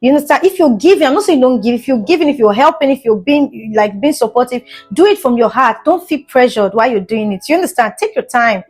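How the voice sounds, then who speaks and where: An animated young woman with a slightly high, husky, darkish voice talks to camera in a casual storytime vlog, earnest and insistent, frequently pausing to ask whether viewers understand. She stumbles with fillers and restarts, turns emotional at times, and faint music runs underneath.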